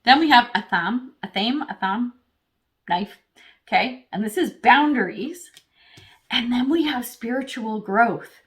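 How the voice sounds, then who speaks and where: A woman's voice: on the high side, expressive, a little slow. A woman giving a casual tarot reading, who talks straight to the viewer, thinks aloud as she pulls cards and swears freely. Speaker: tarot reader.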